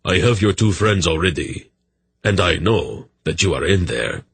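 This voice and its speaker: A man voicing a polite, calculating army captain who speaks with smooth courtesy. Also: low-pitched, animated, normal speed, a bit bright, no echo, exaggerated voice. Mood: coaxing.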